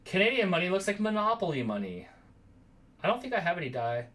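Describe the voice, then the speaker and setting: Excitable man rambling on a livestream. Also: sits high, quick pace. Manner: rambling, excitable, often exclaims. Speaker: vlogger hosting a livestream. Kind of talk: casual livestream chat with viewers.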